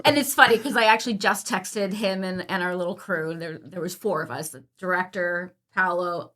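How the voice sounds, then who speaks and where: A woman's voice: fairly low pitch, moderate pace, sharp tone. A woman who is a theater executive and former stage manager, telling a story on a casual podcast with lots of laughter.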